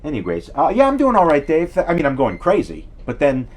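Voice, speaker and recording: A man's voice: on the high side, wildly swooping pitch, a little fast. A middle-aged man hosting a live stream, telling rambling self-deprecating stories and answering viewer comments. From New York City area. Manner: digressive storyteller, chatty, self-deprecating, reads viewer comments aloud. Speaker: livestream host.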